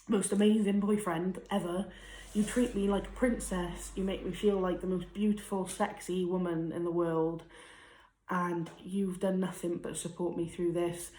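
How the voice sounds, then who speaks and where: A young woman talks in a heartfelt vlog, her voice sitting a little low for a woman. She sounds close to tears at times and laughs softly between thoughts. The room around her rings with echo. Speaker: vlogger. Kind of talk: emotional personal vlog. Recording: echoey room.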